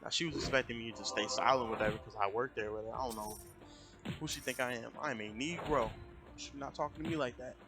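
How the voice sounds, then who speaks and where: A young American man tells a story on a stream at his desk mic, rambling and animated, looping back over the same points. His voice sits mid-range, with music playing clearly behind him. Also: medium pitch, fast talker. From United States. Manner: rambling, repeats himself, animated. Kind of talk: casual storytelling.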